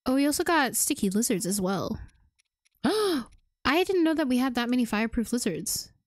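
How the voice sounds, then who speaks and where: Woman game streamer, high voice, dry close sound, rambling and self-mocking. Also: very animated, moderate pace, no echo. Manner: chatty, self-deprecating, thinking aloud. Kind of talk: casual gameplay commentary.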